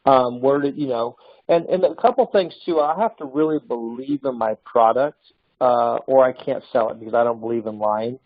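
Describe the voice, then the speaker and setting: A man, sales trainer, talks through his own stories in a casual motivational way, often restarting his sentences as he goes. His voice sits in a middle pitch. The recording is dry and a bit dull, like lo-fi. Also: fairly quick, no room sound. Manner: storytelling, animated with restarts.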